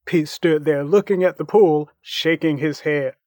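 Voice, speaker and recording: A man reading a story aloud as narrator, slow and measured. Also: fairly high pitch, fairly even intonation, no room sound, studio quality.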